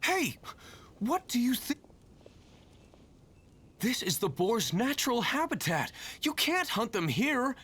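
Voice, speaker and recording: A woman's voice: a little high, sing-song, moderate pace, few pauses, a bit bright, breathy edge, full character voice. A woman voicing a firm, scolding female hunter who enforces the rules of the hunt. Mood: stern.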